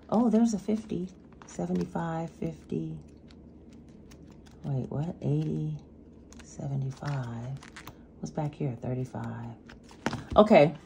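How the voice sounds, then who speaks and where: A woman with a gently tinged voice chats through a budgeting vlog, counting bills out loud as she goes. Her voice sits a bit low but swings up and down a lot. Faint room noise sits behind her. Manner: chatty, counts cash aloud while talking to viewers. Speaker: budgeting vlogger. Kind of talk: casual cash-stuffing vlog.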